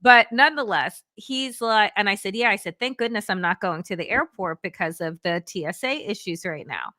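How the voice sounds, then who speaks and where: Bright, lively woman telling a story. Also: mid-range voice, brisk, no room sound, clean studio sound. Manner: lively, quotes others in voices, laughs often. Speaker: political analyst. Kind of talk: casual chat, animated storytelling.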